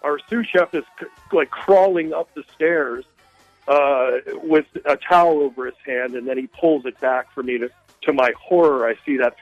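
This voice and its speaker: A man's voice: mid-range voice, normal speed, no echo, soft background music. A male caller telling a long story on a radio call-in show, rambling and hesitant with many fillers. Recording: dull, dry phone line.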